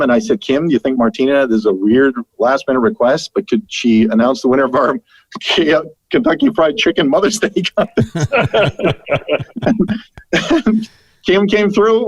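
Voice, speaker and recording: A middle-aged man from Canada, a longtime radio broadcaster, telling lively stories as a podcast guest. He laughs often and acts out the lines people said. The sound is dull and dry. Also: medium pitch, dry recording. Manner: animated anecdotes, laughing, acting out quotes. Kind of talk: storytelling in a podcast interview.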